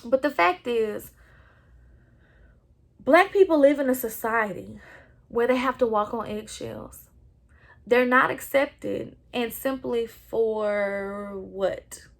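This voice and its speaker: High-voiced impassioned Texan woman. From Southeast Texas. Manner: impassioned, earnest. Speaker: podcast host. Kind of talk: solo podcast monologue. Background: no other speakers or sounds.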